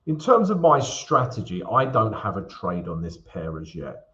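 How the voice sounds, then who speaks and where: A man's voice: fairly low pitch, a bit bright, highs cut off. A man hosting a live stream Q&A, talking casually through chart analysis with frequent fillers and tag questions. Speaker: forex trading host.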